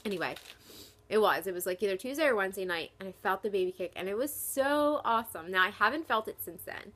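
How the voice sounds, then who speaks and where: A woman's voice: mid-range voice, animated, fast, fairly bright tone. A young woman from New Jersey chatting casually in a pregnancy vlog, short of breath as she talks and filling her sentences with "like". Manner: chatty, lots of "like" fillers. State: short of breath while talking. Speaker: vlogger.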